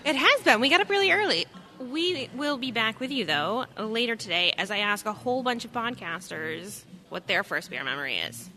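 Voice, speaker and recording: A woman's voice: fairly high pitch, animated, normal speed, bright, forceful tone, soft background music. A woman hosting a casual road trip podcast, talking animatedly and laughing often from inside a moving car. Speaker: podcast host.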